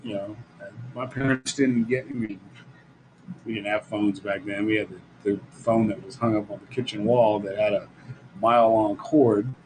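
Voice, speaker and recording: A man's voice: on the low side, fairly even intonation, moderate pace, a little mellow, a little hiss or hum, poor audio. Blunt, rambling middle-aged man. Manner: rambling, storytelling, blunt, laughs often. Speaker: live show host. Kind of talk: casual live-stream monologue. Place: Las Vegas.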